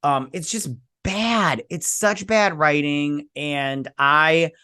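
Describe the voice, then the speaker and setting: A man's voice: a little high, takes it slowly, pushed and bright, clear, resonant tone, no echo, studio quality. A man hosting a casual review vlog, blunt, sarcastic and dismissive in tone. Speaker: host.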